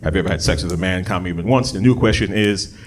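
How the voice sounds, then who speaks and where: A man doing a stand-up comedy set on a club stage, jumping from low muttered asides to loud, high shouted bits. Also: rapid-fire, background noise. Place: comedy club stage before a live audience. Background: audience laughter.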